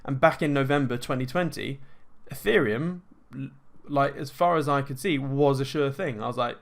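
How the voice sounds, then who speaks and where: A man talking casually and at length in an energetic, self-assured way, full of fillers and restarts. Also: medium pitch, moderate pace, gravelly. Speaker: host answering viewer questions. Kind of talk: casual monologue.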